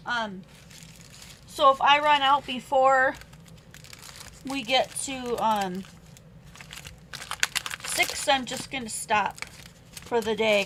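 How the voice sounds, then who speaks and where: A woman's voice: on the high side, fairly bright tone, slight background noise, rough recording. Chatty woman selling craft stamps live. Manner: chatty, reads out stamp sentiments and prices. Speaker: online craft sale host. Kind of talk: live-stream sales chat.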